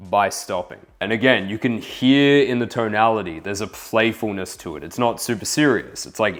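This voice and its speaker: A young man giving a relaxed, casual voice-over about dating, full of fillers like "kind of". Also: lowish voice. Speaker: dating coach. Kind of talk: voice-over commentary on infield footage.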